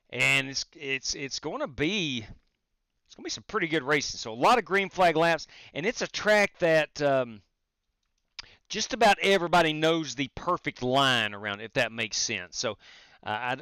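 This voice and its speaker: Bright-voiced male sim racing streamer. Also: a little high, clean tone, dry recording. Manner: chatty, greets chat viewers while driving; frequent fillers and restarts. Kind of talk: casual live-stream commentary.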